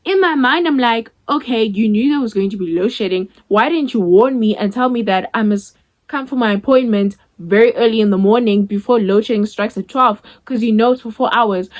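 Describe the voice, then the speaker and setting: A woman's voice: fairly high pitch, fairly quick, poor audio. A young South African woman in her twenties telling a storytime vlog in a chatty way, acting out the dialogue with many "like" fillers. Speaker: vlogger.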